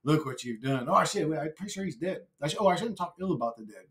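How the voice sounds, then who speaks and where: A man's voice: on the high side, lively intonation, fast, fairly bright tone. A man vlogging alone in a brash, rambling monologue, swearing freely and laughing often. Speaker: YouTuber. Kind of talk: rambling solo vlog monologue.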